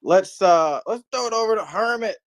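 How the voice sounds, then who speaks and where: A man's voice: high-pitched, lively intonation, fairly bright tone. A man hosting a casual livestream chat, teasing his guests and passing the mic around. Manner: teasing, quick-talking. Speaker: host.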